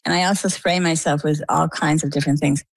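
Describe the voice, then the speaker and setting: Gravelly-voiced woman telling her story. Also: sits low, fast, dry recording, rough recording. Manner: animated storytelling with quoted dialogue. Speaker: guest sharing a personal health story. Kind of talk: conversational interview answers.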